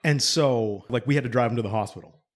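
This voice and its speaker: A man in his forties co-hosting a podcast, telling a long, profane story in a rambling way and getting animated when he quotes other people. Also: medium pitch, quick pace. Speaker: podcast co-host. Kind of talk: casual storytelling chat.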